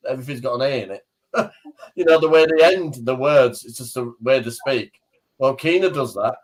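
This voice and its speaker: A man's voice: medium pitch, moderate pace, rough recording. A man, co-hosting a livestream in casual, jokey chat and laughing often. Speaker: livestream co-host.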